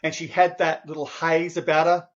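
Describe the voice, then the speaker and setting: Heard through a muffled recording, a man in his fifties speaks at normal speed in a slightly high voice. As a podcast guest recounting something personal, he comes across earnest and emotional, restarts phrases often, and becomes animated quoting himself.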